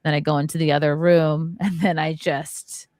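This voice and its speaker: Lowish-voiced woman podcast host, blunt and sweary, dry mic, no room at all. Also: little pitch movement, normal speed, darkish tone, no room sound. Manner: candid and profane, voice rising sharply when upset. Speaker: host, stand-up comedian. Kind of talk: emotional podcast conversation.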